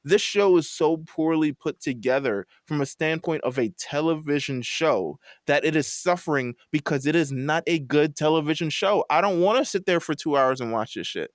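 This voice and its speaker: A man with a fairly high voice rants emphatically on a casual podcast, driving the same point home again and again. The sound is dry and close to the mic. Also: expressive, normal speed, few pauses, no echo. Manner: emphatic, ranting, repeats his point. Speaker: podcast panelist. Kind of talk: casual chat.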